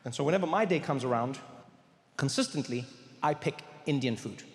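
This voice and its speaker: A middle-aged man from Africa, telling a stand-up story with animated confidence and bursts of loud emphasis at a live show. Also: mid-range voice, a little fast. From South Africa. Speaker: stand-up comedian. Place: large live venue. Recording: live show with long hall reverb.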